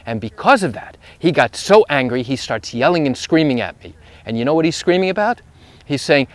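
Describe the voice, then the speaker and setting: A man's voice: mid-range voice, lively intonation, fairly quick, fairly bright tone, no echo. Man, lawyer, walking vlog storytelling, emphatic and repetitive, outdoors, dry close sound. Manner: emphatic, repetitive phrasing, rising intensity when retelling. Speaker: personal injury lawyer. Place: outdoors walking through a neighborhood.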